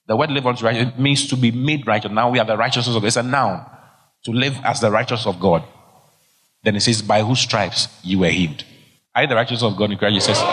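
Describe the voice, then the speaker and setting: A middle-aged man preaches with emphatic, exhorting force, driving his points home by repeating them. His voice sits at an ordinary mid pitch. The sound carries the long reverb of a large church hall. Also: a bit bright. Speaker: pastor. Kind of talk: sermon.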